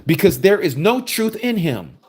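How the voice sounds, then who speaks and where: A man's voice: high-pitched, very animated, normal speed, slightly rough. A man preaching a scripture study, reading verses aloud and commenting on them with emphasis. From United States.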